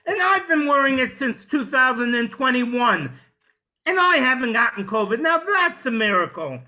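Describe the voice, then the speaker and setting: High, bright-voiced man doing stand-up. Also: very animated, normal speed. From New Jersey, US. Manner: swings from hushed storytelling to loud shouted punchlines. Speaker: stand-up comedian. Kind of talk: stand-up set on a video call.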